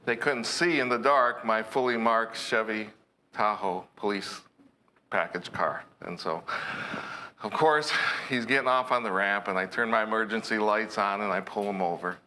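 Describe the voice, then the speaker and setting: A man's voice: on the low side, normal speed, bright, forceful tone, a little hiss or hum, low-quality recording. A man preaching a sermon, telling a playful, teasing story about his past job.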